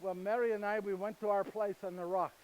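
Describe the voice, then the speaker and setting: An actor playing a humble, earnest Saint Joseph in a live monologue, speaking halting, slightly broken English directly to his listeners. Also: high voice, level tone, natural voice, rough recording. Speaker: actor in first-person monologue. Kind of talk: live dramatic monologue to an audience. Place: retreat gathering with live audience.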